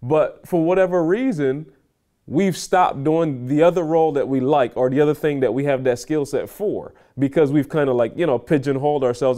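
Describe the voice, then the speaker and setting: A man's voice: fairly high pitch, normal speed, warm tone. A man co-hosting a podcast who runs a company, talking casually with a loose delivery. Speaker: podcast co-host, company owner. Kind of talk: casual conversation.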